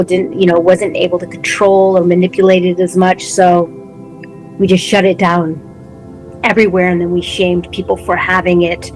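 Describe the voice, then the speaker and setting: Woman podcast co-host, lowish voice, reflective, pauses to find words, faint music behind. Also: low-quality recording. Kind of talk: casual spiritual conversation.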